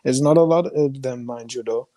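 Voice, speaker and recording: A man's voice: mid-range voice, normal speed, a crowd in the background. A man from Jamaica talking as a guest on a casual sports chat, earnest and rambling, saying "man" a lot. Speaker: guest panelist.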